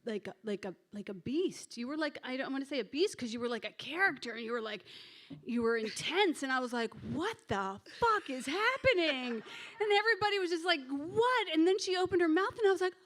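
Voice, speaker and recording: A woman's voice: high-pitched, expressive, quick pace, a bit bright. A woman with a New Jersey accent hosting a live storytelling show, gushing and swearing as she acts out quotes with her guests. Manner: effusive, swearing, laughing, acting out quotes. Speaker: host introducing a storyteller. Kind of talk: live stage introduction.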